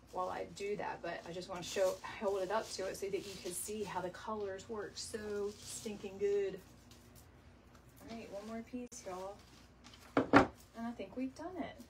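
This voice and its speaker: A mid-range-voiced woman works through a home decor tutorial, chatty and rambling, saying "y'all" and quick to laugh. The somewhat distant mic captures faint room ambience along with background noise.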